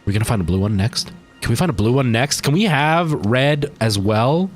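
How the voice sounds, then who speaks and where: Over soft background music, this Canadian streamer talks at normal speed in an animated, mid-range voice. Casual and tired-sounding, he rambles on to his viewers while playing, chatting away to chat.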